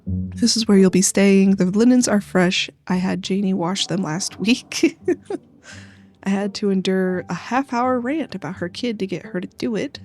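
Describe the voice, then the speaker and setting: A woman voicing a grumpy, stingy young woman cousin in a game, curt and dry, with a gravelly edge. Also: medium pitch, darkish tone, close to an everyday voice.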